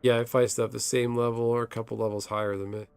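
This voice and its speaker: A man's voice: mid-range voice, little pitch movement, fast, gravelly, smooth, no room sound. A man streaming a video game, chatting casually and telling a long story, swearing when the game crashes. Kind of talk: casual chat while gaming.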